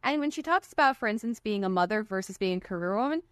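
A woman's voice: medium pitch, lively intonation, fast talker, smooth, no echo, clean studio sound. A young woman guest on a podcast, speaking emphatically and with indignation about her views. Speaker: guest media reporter. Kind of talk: opinionated casual chat.

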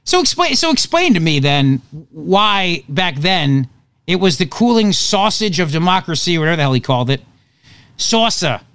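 A man's voice: on the high side, moderate pace, clean tone, no echo. A man hosting a talk radio show, delivering an opinionated monologue with sarcastic jokes and asides. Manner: sarcastic, animated, jokey asides.

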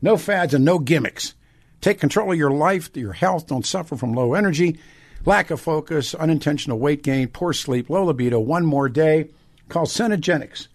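A man's voice: a little high, expressive, moderate pace. Blunt older male talk radio host. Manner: blunt, indignant, rhetorical questions. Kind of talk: talk radio monologue and ad read.

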